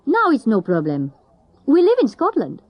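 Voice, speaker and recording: Measured Italian-born woman, dull dry sound. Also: high voice, huge pitch swings, no echo. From Italy. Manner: measured, simple sentences. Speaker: language learner interviewee.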